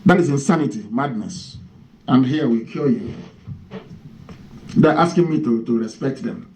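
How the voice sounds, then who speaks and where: A man's voice: mid-range voice, lively intonation, moderate pace, darkish tone, a little hiss or hum, low-quality recording. A Nigerian man giving an impassioned radio address, firing off mocking rhetorical questions. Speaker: radio broadcaster.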